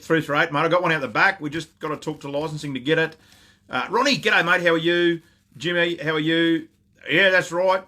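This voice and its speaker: A man's voice: medium pitch, fairly bright tone. A middle-aged Australian man hosting a casual live stream from his gun shop, chatting and greeting viewers by name between lots of ums.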